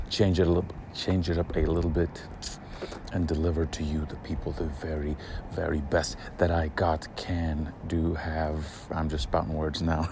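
Deep-voiced, slow, preachy motivational man. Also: a little mellow, slight background noise. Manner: emphatic, preachy, swears, drops into dramatic whispers. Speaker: motivational vlogger. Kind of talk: hyped daily motivational briefing. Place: outdoors in cold weather.

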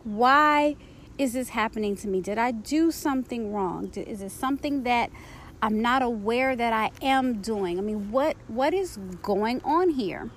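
Candid higher-voiced woman podcaster. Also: a little hiss or hum. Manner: candid and searching, with casual slang; reads a book passage slowly and deliberately. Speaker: podcast host. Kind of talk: personal reflective monologue.

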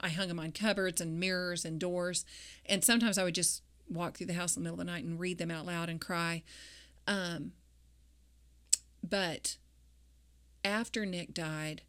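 A mother talking about faith and grief in an interview, speaking reflectively and haltingly with many fillers. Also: on the low side, a bit bright, smooth. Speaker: guest; grieving mother.

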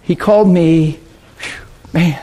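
A man preaching a sermon and telling stories, swinging from loud excitement to hushed, quiet asides. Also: on the high side, slow pace. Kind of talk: sermon storytelling.

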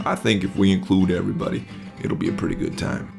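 King Kookaroo is a kindly, modest bear king with a low, gravelly, folksy voice, as a man reads him in a storybook. He speaks gently, and soft guitar music plays in the background. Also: fairly even intonation, fast talker. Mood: thoughtful.

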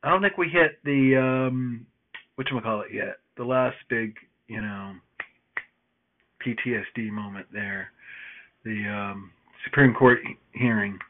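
A man telling a rambling personal story in casual monologue, swearing often and filling pauses with "you know". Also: medium pitch. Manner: rambling, profane, lots of fillers and restarts. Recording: phone-like narrow band.

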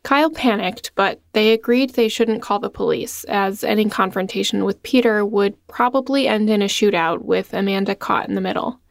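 A woman reads a scripted documentary narration in a steady, even-toned manner. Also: mid-range voice, moderate pace, creaky, few pauses, no echo, studio quality.

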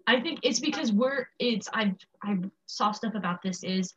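A woman's voice: mid-range voice, moderate pace, crowd noise. A teenage American girl chatting casually, rambling and restarting her sentences often. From United States. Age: teens. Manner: rambling, many restarts and fillers. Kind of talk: casual chat. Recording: dull lo-fi sound.

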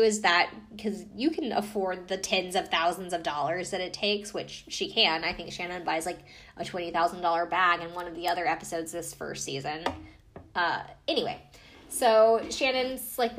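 A woman's voice: fairly low pitch, normal speed, a bit bright. Chatty woman rambling through a recap. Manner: chatty, rambling, many fillers and asides. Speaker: podcast host recapping a TV show. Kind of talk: casual chat.

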